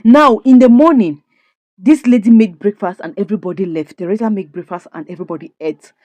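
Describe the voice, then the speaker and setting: A woman narrates the latest twists of a comedy series like gossip, judging the characters and asking rhetorical questions. Her voice is mellow and soft-edged. The sound is dry and close, with no room around it. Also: medium pitch, brisk, no room sound, lo-fi sound. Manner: dramatic, judgmental, rhetorical questions. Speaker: series recap commentator. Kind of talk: storytelling recap of a comedy series.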